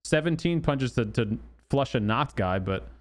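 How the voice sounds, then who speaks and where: A man's voice: mid-range voice, animated, a little slow. A man hosting a gaming channel, talking loosely through game news with many fillers and restarts. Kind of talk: casual commentary on game news.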